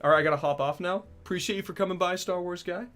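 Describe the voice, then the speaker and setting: A young man streaming casually, reading out and answering chat messages, joking and swearing with sudden loud outbursts. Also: sits high, fairly even intonation, very fast.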